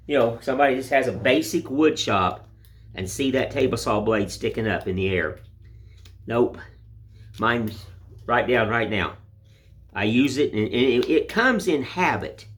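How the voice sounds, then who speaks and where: A middle-aged man, chatting in a folksy, rambling way while whittling, filmed on a phone. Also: mid-range voice. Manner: folksy, rambling, plain-spoken. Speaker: woodcarving vlogger. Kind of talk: casual chat while whittling. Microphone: phone camera.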